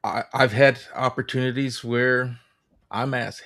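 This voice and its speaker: A man with a low, gravelly voice speaks bluntly and candidly in a podcast conversation. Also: normal speed, a bit bright.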